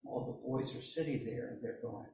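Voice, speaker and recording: A man preaching a sermon as pastor, slow and deliberate, with joking asides. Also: medium pitch, mellow. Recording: echoey hall, mic at a distance.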